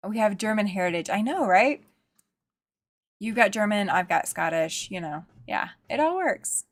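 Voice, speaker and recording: A woman's voice: mid-range voice, animated, moderate pace, no echo. A woman hosting a live show-and-tell stream, gushing over viewers' sewing and embroidery and reading out their comments. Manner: gushing, exclaims often over viewers' work. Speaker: host. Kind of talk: livestream show-and-tell chat.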